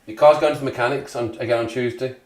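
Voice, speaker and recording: A man's voice: mid-range voice, fairly even intonation, fast, darkish tone. A man in his forties hosting a casual live stream, rambling and chuckling as he greets viewers in the chat. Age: 40s. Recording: echoey room.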